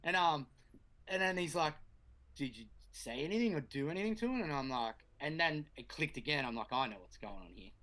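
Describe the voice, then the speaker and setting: A man's voice: fairly high pitch, lively intonation, a little fast, a bit bright. A man, a guest BMX rider, chatting casually and telling a sweary story, acting out quotes. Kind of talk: casual podcast chat.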